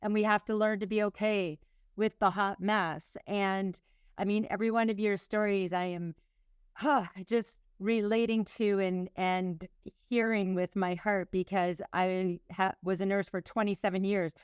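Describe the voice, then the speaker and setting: Effusive Canadian-raised woman, very clear voice. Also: mid-range voice, fairly even intonation, a little slow, no room sound, studio quality. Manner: effusive, heartfelt, rambling with restarts. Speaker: book chapter author, guest speaker. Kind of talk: emotional personal talk.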